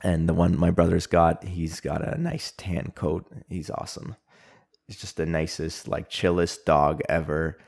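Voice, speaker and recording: A man's voice: low-pitched, flat delivery, a little slow, vocal fry, a little mellow. A young man with a Canadian accent hosting a casual solo podcast, telling stories in a rambling way with lots of fillers and little chuckles. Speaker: podcast host.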